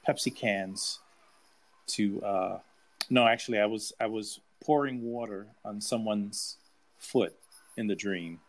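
A fairly low-voiced man speaks up from the audience. He shares his own experiences haltingly, stopping to restart words and filling the gaps with fillers. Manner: hesitant, many fillers and stammered restarts. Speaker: audience member. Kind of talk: personal account to a group.

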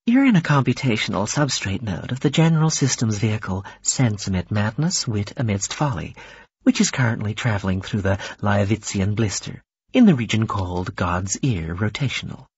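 A man's voice: on the low side, animated, normal speed, husky, lo-fi sound, exaggerated voice. A man voicing Sensia, a gracious older lady. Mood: calm. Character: amiable, gracious woman of late middle age.

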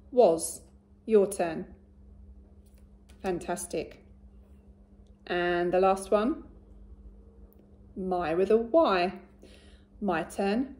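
A woman teacher giving a recorded phonics lesson to young children, speaking slowly and clearly and praising often. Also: medium pitch, a little mellow. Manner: slow, clear and encouraging, with much praise. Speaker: primary school teacher.

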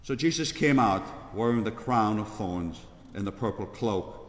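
Low-voiced man narrating a church reading. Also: slight background noise. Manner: steady, measured reading. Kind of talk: liturgical Passion reading. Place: large church. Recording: echoey church with long reverb.

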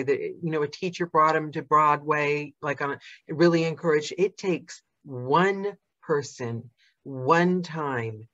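A woman's voice: low voice, fairly bright tone, highs cut off. A woman hosting a podcast, chatting enthusiastically with her guest over a video call. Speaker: podcast host. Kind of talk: casual chat.

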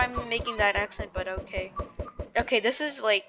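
A woman's voice: fairly high pitch, normal speed, background noise. A woman giving casual gameplay commentary, chatty and full of "like" and restarts. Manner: chatty, hedging with "like", self-interrupting. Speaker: gamer and video creator.

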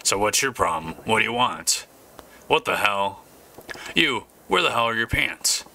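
A man playing a gruff, blunt gangster. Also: on the low side, big pitch swings, measured pace, bright, forceful tone, heavily acted.

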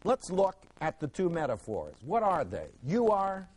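A man teaching scripture to a classroom, his voice pitched high for a man and swinging widely up and down. He hammers key words through repetition and keeps tossing questions to his students. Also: wildly swooping pitch, a little slow, a little mellow, slight background noise, poor audio. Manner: emphatic, rhetorical questions, repeats words for stress. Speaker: Bible teacher. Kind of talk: classroom Bible lesson.

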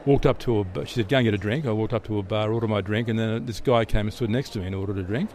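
A middle-aged Australian guest in an interview gives easygoing storytelling answers, frequently restarting and repeating words. His voice is on the low side and darkish, delivered at a quick pace.

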